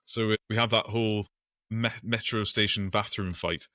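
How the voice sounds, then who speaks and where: Low, bright-toned man recapping wryly. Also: steady tone, normal speed, no echo. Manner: wry, recaps plot with dry asides. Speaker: podcast co-host. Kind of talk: casual film podcast chat.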